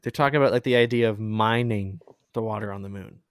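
A man's voice: on the low side, fast talker, dry recording, studio quality. A man hosting a podcast in casual chat, rambling and chatty, often laughing. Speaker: podcast host.

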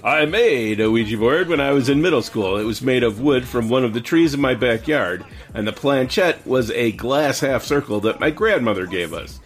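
Man, podcast co-host, medium pitch, steady storytelling, faint music behind. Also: normal speed, hardly any pauses. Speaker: podcast co-host reading stories. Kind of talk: casual reading aloud.

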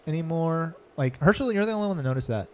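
A man's voice: fairly high pitch, animated, quick pace, a little hiss or hum. A man running a tabletop game as game master, narrating loosely with lots of fillers. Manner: loose and rambling, with many fillers.

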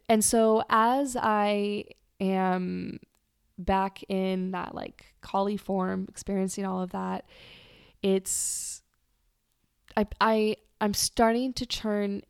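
A woman's voice: mid-range voice, gravelly, a little mellow, smooth, no echo, clean studio sound. A woman podcast host telling a personal story in a candid, casual way, swearing freely and trailing off and restarting as she talks.

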